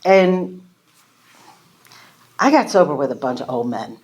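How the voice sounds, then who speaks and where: Low-voiced woman sharing her recovery story. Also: big pitch swings, measured pace, a little mellow. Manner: storytelling, acting out quoted conversations; candid, self-deprecating, laughs at herself. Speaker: speaker at a recovery meeting. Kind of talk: personal recovery testimony. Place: meeting room before a live audience.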